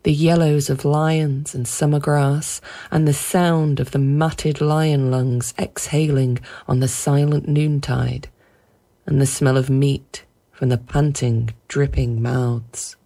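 A woman narrating a short story aloud in a measured, vivid storytelling manner. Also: rumbling low, level tone, warm tone. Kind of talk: audiobook narration.

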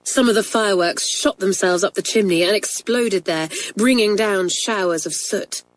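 A woman narrating a children's story in a clear, measured way. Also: mid-range voice, poor audio. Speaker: audiobook narrator. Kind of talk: storybook reading.

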